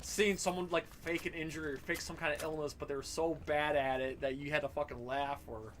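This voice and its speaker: A man in his thirties hosting a gaming stream, swearing freely and laughing through his stories. His voice is high and bright, with a faint hiss of noise beneath it. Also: fairly quick. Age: 30s. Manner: profane, animated, laughing storyteller. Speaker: livestream gaming host. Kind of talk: casual livestream chat and storytelling.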